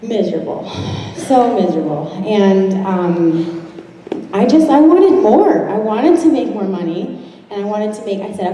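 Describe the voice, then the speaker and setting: A woman's voice: medium pitch, lively intonation, warm tone. Chatty young woman in an echoey hall. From Toledo, Ohio area. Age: 20s. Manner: chatty, quick asides, acts out quoted voices. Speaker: guest speaker telling her story. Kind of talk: motivational testimony to a crowd. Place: large event room. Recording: echoey hall heard from far off.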